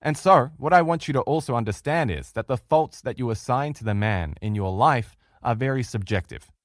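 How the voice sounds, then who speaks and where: A man's voice: mid-range voice, animated, fairly quick, dry recording, clean studio sound. A middle-aged man with an Australian accent teaching a relationship course in an earnest, emphatic way, speaking straight to his listeners. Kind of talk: recorded lecture.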